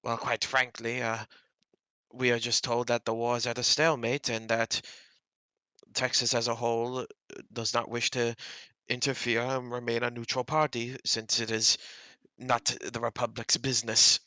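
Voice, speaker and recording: A man voicing a formal male college headmaster who speaks in a measured, polite way. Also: medium pitch, level tone, pushed and bright, no echo, natural voice.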